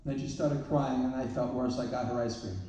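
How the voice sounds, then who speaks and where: A therapist and parenting speaker gives a humorous live talk in a large event hall, telling self-deprecating stories. His medium-pitched voice is fairly even and quick, picked up by a distant mic in an echoey hall with noisy background.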